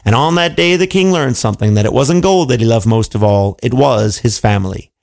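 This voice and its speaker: A man telling a fairy tale to children in an animated, playful way, with asides to his listeners. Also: mid-range voice, fairly quick, creaky. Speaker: storyteller. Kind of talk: children's storytelling.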